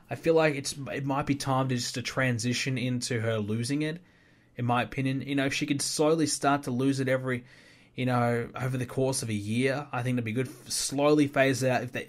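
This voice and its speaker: A man hosting a solo podcast, giving casual, opinionated commentary that rambles with fillers and restarts. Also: mid-range voice. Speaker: podcast host.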